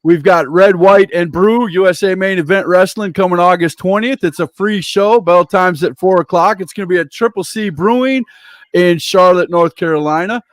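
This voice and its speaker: A man's voice: high voice, normal speed, no room sound. A man hosting a casual interview, reeling off upcoming events with enthusiastic, catchphrase-heavy promo patter. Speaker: interview show host.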